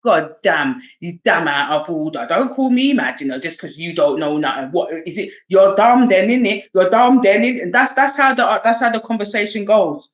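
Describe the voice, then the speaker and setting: Her voice is lowish and brisk with few pauses as she does an oracle card reading on a casual livestream. Animated and laughing, the woman uses streetwise slang and swearing in a South East London accent, with the highs cut off.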